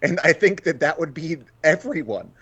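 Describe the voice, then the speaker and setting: Guest dude on a video call, kinda high voice, enthusiastic, swears a lot. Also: male voice, expressive, moderate pace, fairly bright tone, breathy edge. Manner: chatty, swears freely, enthusiastic. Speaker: podcast guest. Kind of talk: casual chat.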